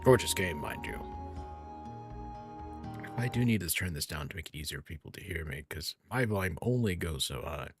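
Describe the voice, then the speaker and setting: A man's voice: deep voice, expressive, moderate pace, long pauses, slightly rough. A man streaming a game, musing aloud in a rambling way and correcting himself as he goes. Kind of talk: casual gameplay streaming. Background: faint game music.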